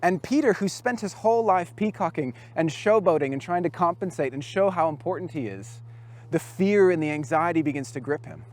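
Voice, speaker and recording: A man giving a lively storytelling sermon to a youth camp. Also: on the high side, a little fast. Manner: storytelling, lively with acted quotes. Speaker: youth speaker.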